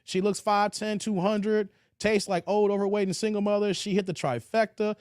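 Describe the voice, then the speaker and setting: A man's voice: high-pitched, steady tone, moderate pace, darkish tone, clean tone, no echo, studio quality. A man hosting a livestream, reading viewer comments aloud and reacting in laid-back slang. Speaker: livestream host.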